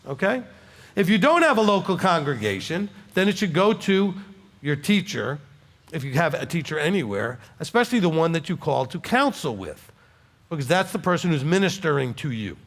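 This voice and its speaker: In a congregation hall, a Southern-accented rabbi from Alabama teaches through a conversational Q&A with his congregants, frequently tossing in "okay?" to stress a point. His voice runs on the high side and sounds a bit bright, with a long reverb tail.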